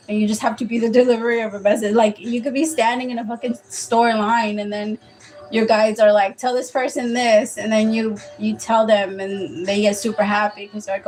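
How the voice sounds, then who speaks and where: A woman's voice: on the high side, darkish tone. A woman giving a casual live-stream tarot reading, chatty and rambling, swearing offhand and laughing often. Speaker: tarot reader.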